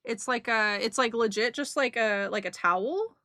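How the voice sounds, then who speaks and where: A woman's voice: a little high, normal speed, bright, forceful tone, no echo. A young woman casually recapping a trip for her stream, rambling and emotional, with giggles and lots of fillers. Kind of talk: casual chat.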